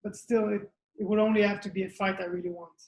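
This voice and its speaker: Flat-voiced man in an echoey room. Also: high-pitched, fast. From Israel. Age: 20s. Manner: plainspoken, thinks aloud in short phrases. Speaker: mixed martial arts fighter. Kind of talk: interview answers.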